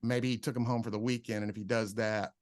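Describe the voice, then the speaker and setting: A man's voice: on the low side, fast talker, no room sound, studio quality. A man who is a comedian, telling stories in a casual podcast chat and acting out the people he quotes. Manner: animated storyteller, acts out quotes. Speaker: comedian guest.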